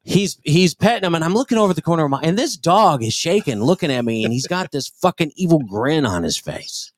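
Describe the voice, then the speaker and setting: A man's voice: on the high side, big pitch swings, brisk, no room sound. A man on a comedy podcast, telling a rambling, profane story and breaking into laughter as he goes. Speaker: podcast co-host.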